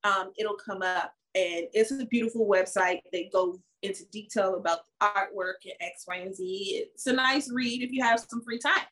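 A woman co-hosting a wine podcast in casual chat, talking loosely with frequent laughs and a drawn-out sign-off. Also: mid-range voice, a bit bright, low-quality recording. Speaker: podcast co-host.

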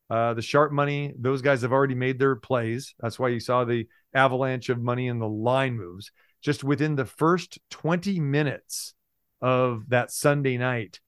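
An exuberant man talking sports betting as a podcast guest, his voice pitched around the middle for a man. He is recorded close and dry, with almost no room sound. His delivery is animated, tipping into loud playful shouting when he gets excited. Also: no room sound. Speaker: sports handicapping radio host, guest. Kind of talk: casual podcast chat.

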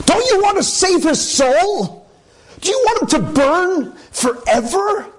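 A man voicing a pious Christian adoptive mother who pleads in a high, shrill and tearful voice. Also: very animated, slow, full character voice, rough recording. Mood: pressing.

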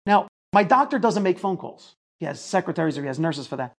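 A man giving a lecture, telling a personal story in an emphatic way that builds to near shouting. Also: high-pitched, animated, quick pace. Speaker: speaker telling his story.

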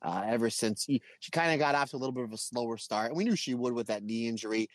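A man co-hosting a wrestling podcast in casual chat, an animated storyteller who acts out voices in his anecdotes. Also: mid-range voice, fast talker, no echo. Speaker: podcast co-host.

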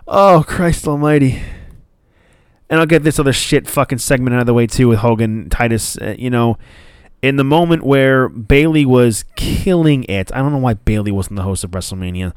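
A man's voice: mid-range voice, moderate pace, no echo, clean studio sound. A man hosting a podcast, ranting in a casual, profane, rambling way. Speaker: podcast host.

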